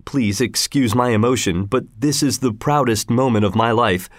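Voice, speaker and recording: A man's voice: medium pitch, normal speed, no echo, clean studio sound, natural voice. A man voicing a modest heroic archer making an earnest speech.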